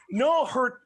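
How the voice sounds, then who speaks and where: A man in his forties, a podcast guest, joking around in animated casual chat. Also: extremely high pitch. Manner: animated, joking, voices other people.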